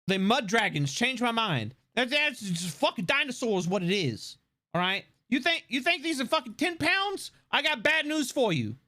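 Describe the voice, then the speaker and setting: A man's voice: very high voice, normal speed. A man streaming live, chatting casually and animatedly with lots of swearing and laughter. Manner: animated, profane, laughing often.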